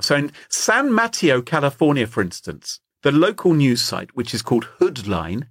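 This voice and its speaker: A man's voice: medium pitch, very animated, normal speed, fairly bright tone, breathy edge, no echo, clean studio sound. An Englishman co-hosting a podcast, telling stories in a joking, playful way. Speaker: podcast co-host. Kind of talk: casual comedic chat.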